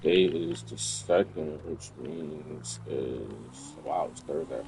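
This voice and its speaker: Low-voiced, laid-back gamer. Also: male voice, fairly even intonation, takes it slowly, creaky, noisy background. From New Jersey. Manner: laid-back, slangy, rambling. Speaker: gaming streamer. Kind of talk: casual commentary while playing. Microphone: USB desk microphone.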